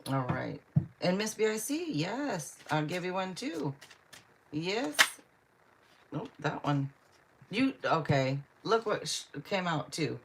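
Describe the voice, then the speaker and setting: A woman's voice: lowish voice, very animated, slow, gravelly, background noise. A woman giving a live tarot reading, chatting with viewers by name and reading out cards, with frequent laughs. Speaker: tarot reader.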